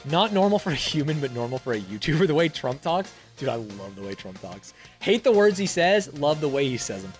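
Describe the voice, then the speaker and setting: Animated young man, lively swearing commentary. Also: on the high side, a little fast, hardly any pauses, soft background music. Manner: animated, profane, laughs often. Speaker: YouTuber. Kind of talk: casual commentary reading a quiz aloud.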